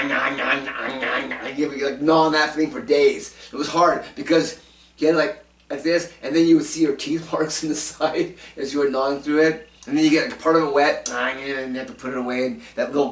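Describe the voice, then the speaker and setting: A man's voice: mid-range voice, level tone, a little fast, roomy sound, far from the mic. A man hosting a casual talk show, rambling through his commentary with lots of fillers and restarts. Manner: rambling, many fillers and restarts, chuckling asides. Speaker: show host doing commentary segments.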